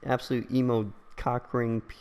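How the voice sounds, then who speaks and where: A man's voice: medium pitch, flat delivery, moderate pace, a little mellow, clear, resonant tone, in a large hall. A young man hosting a gaming session, teasing a friend with crude jokes and frequent laughter. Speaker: gaming channel host. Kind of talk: casual gaming banter.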